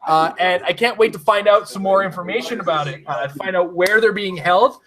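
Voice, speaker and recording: A man with a high voice talks fast and eagerly, drifting into long tangents and breaking into laughter. He sounds like a host in casual chat. A crowd keeps murmuring behind him the whole time. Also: poor audio. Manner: rambling, excitable, laughs often. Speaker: podcast host.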